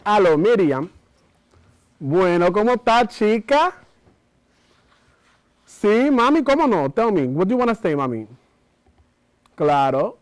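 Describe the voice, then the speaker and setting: A man's voice: high-pitched, very animated, a little slow, pauses often, pitched above the performer's own voice. A brassy phone spiritual adviser, as a man puts on the voice. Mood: bossy, confiding. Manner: brassy code-switching between Spanish and English, calling everyone mami. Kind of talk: solo theater monologue.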